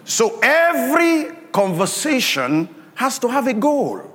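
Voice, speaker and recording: Preacher, male, high voice, emphatic and drawn-out, ringing hall reverb. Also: sing-song, fairly bright tone. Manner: emphatic preaching with call-and-response to congregation. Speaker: pastor. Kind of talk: sermon.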